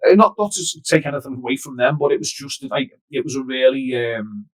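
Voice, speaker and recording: A man's voice: medium pitch, animated, fast talker. A man, a DJ guest telling rambling, sweary stories with many restarts in casual podcast chat. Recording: distant doubled mic.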